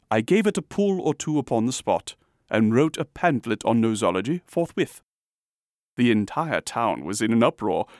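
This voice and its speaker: A man reading a story aloud, measured and expressive, with comic emphasis. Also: medium pitch, dry recording, clean studio sound. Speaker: audiobook narrator. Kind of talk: storybook reading with voiced characters.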